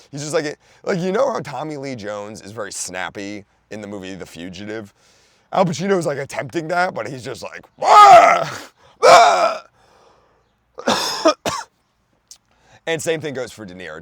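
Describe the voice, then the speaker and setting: A young man with a Philadelphia accent rambles through a comedic rant. His voice jumps around a lot in pitch and restarts often. The recording is dry and close, with no room sound. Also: no room sound. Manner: loose, rambling, lots of fillers and restarts, sudden loud outbursts. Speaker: podcast host.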